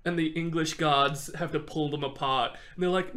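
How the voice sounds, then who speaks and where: A man hosting a podcast, telling a history story in an animated, casual way and laughing often. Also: fairly high pitch, moderate pace, few pauses. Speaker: podcast host.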